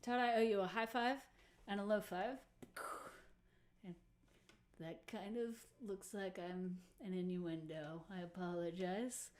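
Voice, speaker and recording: A woman's voice: on the low side, fairly even intonation, a little slow, long pauses, darkish tone. A woman musician hosting a casual livestream, chatting with viewers in a self-deprecating way and laughing often. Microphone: computer or phone mic on a livestream.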